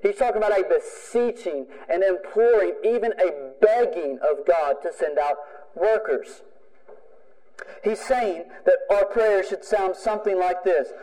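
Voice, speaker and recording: A man's voice: sits high, a little slow, warm tone. A preaching man in a reverberant hall. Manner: emphatic preaching with repeated phrases. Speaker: pastor. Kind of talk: sermon.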